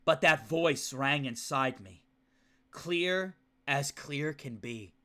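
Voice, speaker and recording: A man voicing a brooding young female protagonist's inner monologue, reading game narration aloud in a low, hushed, solemn way. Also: lively intonation, takes it slowly, slight background noise. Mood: grim.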